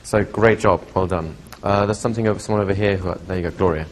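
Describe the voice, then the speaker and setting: A man teaching a live hypnosis workshop, telling stories with lively acted-out quotes. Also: deep voice, fast, slight background noise. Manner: lively storytelling, acts out quotes. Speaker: hypnosis trainer. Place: training seminar room.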